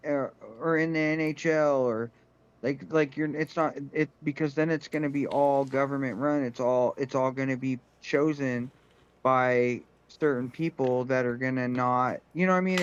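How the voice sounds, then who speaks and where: A man talks on a podcast in casual political chat, rambling and stopping to restart his sentences. His voice is smooth and resonant, though the recording is a bit muffled and lo-fi. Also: on the high side. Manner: rambling, halting, full of "like" and "you know". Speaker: podcast co-host.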